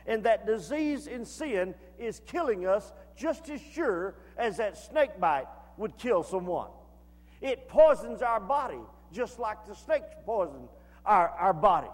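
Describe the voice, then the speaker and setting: A man preaching a sermon as pastor, in a folksy way that builds to shouted fervor. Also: high-pitched, big pitch swings, takes it slowly. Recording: long hall reverb.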